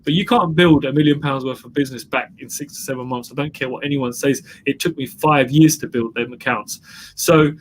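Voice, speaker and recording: A man's voice: medium pitch, fairly quick, slight background noise. A man who is a guest entrepreneur, telling his story in an emphatic interview style and repeating phrases for effect. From England.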